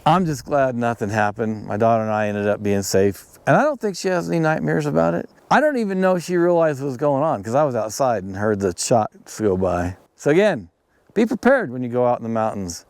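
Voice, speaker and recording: A man's voice: mid-range voice, a little fast, no echo. A middle-aged man hosting a podcast, telling a story casually and getting worked up and exclaiming as he goes. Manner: animated, gets worked up and exclaims. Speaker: podcast host.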